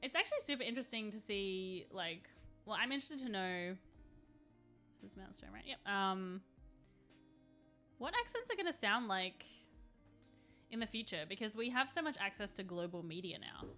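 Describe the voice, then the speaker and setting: A woman's voice: mid-range voice, sing-song, moderate pace, long pauses, pushed and bright, faint music behind. A woman in her thirties chatting casually on a live stream, rambling and answering chat while she paints miniatures.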